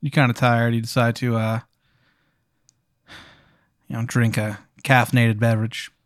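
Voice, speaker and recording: A man narrates an improvised comedy scenario in a casual, deadpan way, dropping swear words as he goes. His pitch sits mid-range. The sound is dry and close to the mic. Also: a little slow, no echo. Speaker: podcast host.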